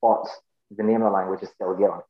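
A man's voice: sits low, level tone, fast, reverberant, phone-quality sound. A man with a Northern Irish accent, a podcast guest explaining things thoughtfully in casual talk, with many ums and restarts. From Northern Ireland. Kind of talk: casual interview chat.

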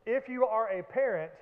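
A man preaching a sermon as pastor, animated, with acted-out shouts and joking asides. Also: extremely high pitch. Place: church sanctuary. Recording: echoey hall, phone-like band.

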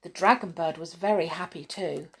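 A woman's voice: fairly low pitch, moderate pace, slightly rough. Woman reading a children's storybook. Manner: gentle, expressive reading with lively dialogue voices.

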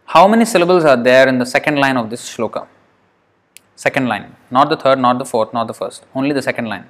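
A man teaching an online class, patiently reading out students' answers and counting syllables aloud slowly. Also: medium pitch, a bit bright. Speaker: Sanskrit teacher.

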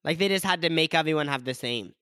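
A man's voice: a little high, quick pace, sharp tone, clear, resonant tone, no echo, studio quality. A young man co-hosting a casual podcast, giggling often and saying "like" constantly as his thoughts trail off. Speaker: podcast co-host. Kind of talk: casual chat.

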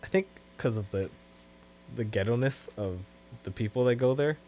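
A man co-hosting a podcast in casual chat, relaxed and laughing easily. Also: mid-range voice, normal speed, a little hiss or hum. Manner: relaxed, trailing off, laughs often. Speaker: podcast co-host.

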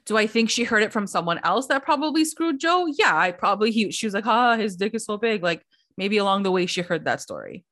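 A woman's voice: mid-range voice, fast talker. Woman podcaster rambling through a reality tv recap, says like a lot, acts out the quotes. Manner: animated storytelling, acting out quotes, lots of "like". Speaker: podcast co-host. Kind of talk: casual chat recapping reality TV.

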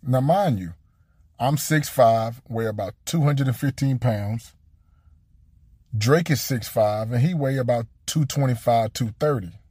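A young man and former college basketball player telling a casual story, animated and acting out quotes with jumps in his voice. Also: mid-range voice, a little slow, husky, no room sound, studio quality.

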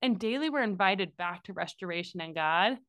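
A woman co-hosting a faith podcast, talking in a chatty, animated way with lots of asides. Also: on the low side, a little fast, no room sound, studio quality. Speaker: podcast co-host. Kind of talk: casual faith podcast chat.

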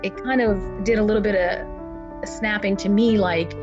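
A woman's voice: medium pitch, steady tone, normal speed, highs cut off, over music. A woman guest telling a personal story in an interview, earnest in tone and voicing relatives' words as she goes. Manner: earnest, acts out family members' words.

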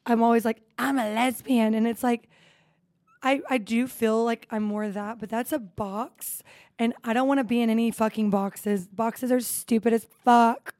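A woman in her thirties co-hosting a podcast, telling stories in a lively, casual way with plenty of swearing and laughter. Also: a little high, normal speed, no echo. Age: 30s. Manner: animated storytelling with frequent swearing and laughs. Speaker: podcast co-host. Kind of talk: casual chat.

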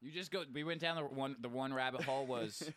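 Bright-voiced young man, casual storytelling. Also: mid-range voice, brisk, no room sound, studio quality. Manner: laid-back storyteller, swears casually, laughs a lot. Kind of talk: casual chat.

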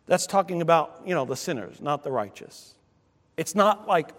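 Male pastor, fairly high voice, animated sermon delivery, long church reverb. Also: measured pace, pauses often. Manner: animated, with sudden loud exclamations.

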